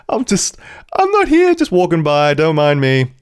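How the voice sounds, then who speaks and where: A man putting on a high, mock-innocent voice as a smug scheming queen tiptoeing past a fight. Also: huge pitch swings, slow pace, smooth, heavily acted. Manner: mock-innocent, sing-song falsetto.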